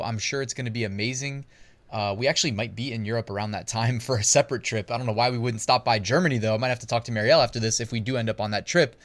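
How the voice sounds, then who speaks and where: A man's voice: mid-range voice, a bit bright. A man hosting an online business channel, talking through screen research in a chatty way, laughing at himself and thinking aloud. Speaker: host.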